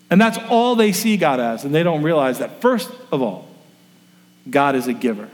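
A male pastor delivers a sermon with a slightly higher voice than most men. He tells stories and acts out the people in them. The sound rings with the long reverb of a large hall. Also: animated, normal speed. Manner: storytelling, acts out quoted voices.

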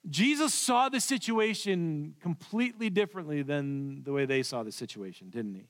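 A man preaching a sermon in a church, telling the story with swings from loud to hushed. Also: on the high side, sing-song, normal speed. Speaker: pastor. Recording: long reverb of a large hall.

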